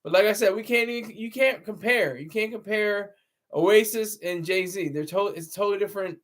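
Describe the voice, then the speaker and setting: Brisk and a bit bright, a high-pitched man hosts a casual livestream using his laptop camera mic. He laughs often, rambles, and responds to whatever his chat says.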